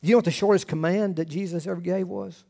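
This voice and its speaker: A middle-aged male pastor preaching a sermon, earnest, rising to emphatic quotes and dropping to hushed asides. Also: sits high, quick pace, creaky.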